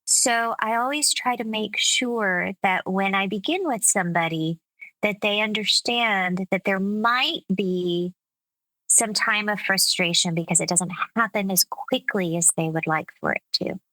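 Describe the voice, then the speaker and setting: Slow, measured American woman explaining. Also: medium pitch, sharp tone, no echo, poor audio. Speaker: speech coach, guest. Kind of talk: interview conversation.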